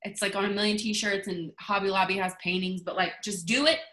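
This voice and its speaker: A woman leading her team on a video call, giving an animated, sassy motivational talk while reading a book aloud. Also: medium pitch, a little fast. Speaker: team leader. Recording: roomy echo on a video call.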